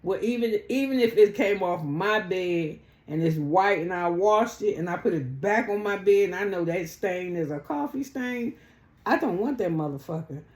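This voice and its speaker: A woman's voice: fairly low pitch, expressive, moderate pace, a little mellow. A woman recapping a reality show in blunt, sassy, profane casual chat. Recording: echoey room.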